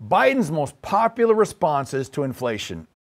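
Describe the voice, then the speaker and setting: A man's voice: medium pitch, big pitch swings, brisk. A man hosting a satirical comedy podcast, delivering a monologue with wry, self-deprecating asides.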